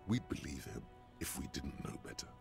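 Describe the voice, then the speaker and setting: A gravelly inner voice, very deep. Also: male voice, moderate pace, faint music behind, exaggerated voice. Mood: knowing. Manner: calm, wry commentary on others' lies. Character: deep inner voice of a detective's mind, dry and knowing. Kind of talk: game voice acting.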